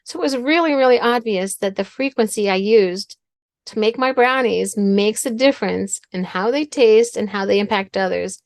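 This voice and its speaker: A woman's voice: medium pitch, normal speed, no room sound. A middle-aged woman speaks as a guest on a talk show, teaching through a story from her own family life. Her delivery is earnest, and she often repeats words and phrases as she works through a point. The recording is dry and close, with little room sound.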